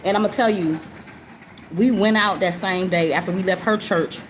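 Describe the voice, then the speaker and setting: A woman's voice: medium pitch, normal speed. A woman telling a personal story in a casual way, earnest and repetitive, often checking in with the listener. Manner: earnest and repetitive, often asks the listener "you know what I'm saying?". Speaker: live stream host. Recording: noticeable background noise.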